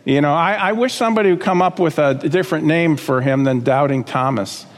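A man's voice: a little high, a little fast, long reverb tail. A man preaching a sermon as pastor, talking conversationally with asides and checking in with the congregation.

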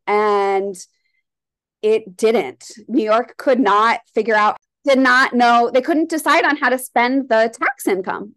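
A woman from Colorado chats candidly as an interview guest. Her voice sits somewhat high, and her speech rambles and loops back, full of filler "like"s. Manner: rambling, heavy use of "like", candid. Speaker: guest, shop owner and leather artist. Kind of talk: casual conversational interview.

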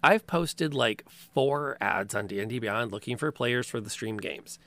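Casting: a game master, mid-pitched and gravelly, chatty podcast host. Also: male voice, lively intonation, measured pace, bright, forceful tone. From American Midwest. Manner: chatty, rambling with tangents. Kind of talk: casual chat.

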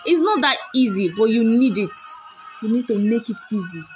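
A woman's voice: fairly high pitch, expressive, normal speed, faint music behind, rough recording. A woman giving a faith-based motivational talk, emphatic and commanding, repeating her points and laughing often.

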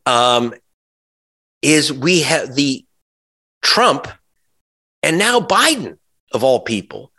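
Forceful, emphatic man talking politics. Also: mid-range voice, lively intonation, slow pace, long pauses. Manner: emphatic, sarcastic, talks in restarts and asides. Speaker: journalist guest. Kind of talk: conversational interview.

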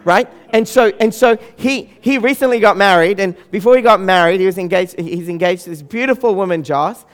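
High-voiced animated man. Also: a little fast, smooth. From Australia. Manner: animated, acts out the voices of people in his story. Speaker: speaker. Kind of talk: humorous storytelling talk.

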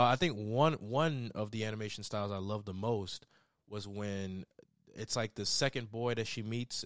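A man's voice: fairly low pitch, a bit bright, no room sound. Young man in a dry, rambling chat. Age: young adult. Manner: rambling, with many fillers and restarts, swearing and laughing. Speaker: reviewer. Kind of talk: casual chat.

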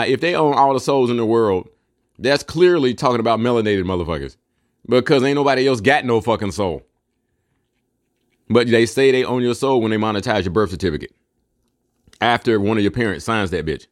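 A man's voice: lowish voice, no echo, studio quality. A man delivering a casual, profane monologue in a preachy, conspiratorial tone, with rhetorical questions and mocking asides.

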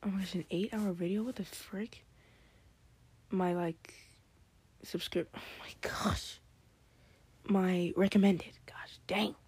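A teenage girl talks to her viewers in a late-night solo vlog, jumping between topics with giggles and gushing outbursts. Her voice is soft-toned and mellow, with a husky, airy edge. She often slips into whispered asides mid-sentence. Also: lowish voice, steady tone, slow, pauses often. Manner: scattered, drifts into whispered asides; breathless exclamations and giggles. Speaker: vlogger. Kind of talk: late-night rambling monologue.

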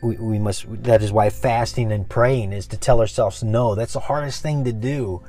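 A man giving an informal devotional message, earnest and repetitive, often dropping to a soft, low voice. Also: steady tone, normal speed, faint music behind. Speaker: preacher.

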